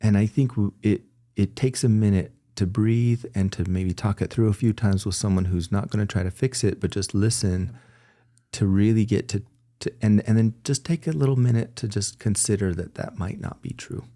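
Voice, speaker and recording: Speaking at normal speed in a fairly low, dark voice, a man answers questions as an interview guest. His talk is earnest, candid, and reflective, with frequent self-corrections and sentences that restart alongside little laughs.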